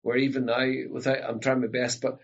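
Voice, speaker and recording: Ulster scots fella telling stories, bit husky, muffled lo-fi sound. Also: male voice, medium pitch, fairly quick. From Northern Ireland. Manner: animated storyteller, breaks into local voices. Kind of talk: casual chat.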